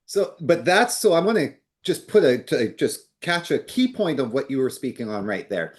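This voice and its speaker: A man's voice: medium pitch, sing-song, moderate pace. A man co-hosting a real estate podcast, speaking bluntly and emphatically. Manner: blunt, emphatic, impatient with hesitant buyers. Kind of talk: casual podcast chat.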